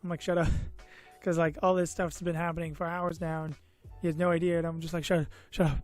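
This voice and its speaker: Speaking briskly in a rather high, flat-sounding voice, a man recounts something personal for his vlog. He's weary and a little goofy, drifting off track, leaning on "uh" and "you know," and teasing himself along the way, with faint music behind him.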